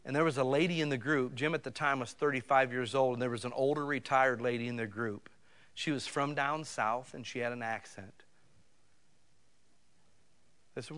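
Male pastor, folksy sermon, casual and direct, emphatic swells, mid-pitched voice. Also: fairly even intonation, a little fast, fairly bright tone.

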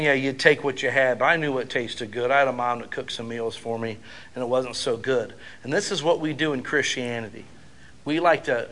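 Bright-voiced male pastor preaching. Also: medium pitch. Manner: conversational storytelling that builds to loud preaching. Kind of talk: sermon.

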